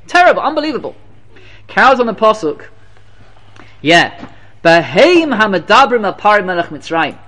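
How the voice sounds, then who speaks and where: A man with a high-pitched voice delivers a storytelling sermon. He speaks with emphatic energy and keeps repeating key phrases for effect. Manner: animated, repetitive, emphatic. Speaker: religious teacher.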